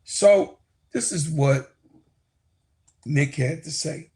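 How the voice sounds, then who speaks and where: A man's voice: on the high side, drawn-out words, warm tone. A man hosting a sports channel, casually introducing clips and summing them up. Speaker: channel host reacting to clips. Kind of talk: casual reaction commentary.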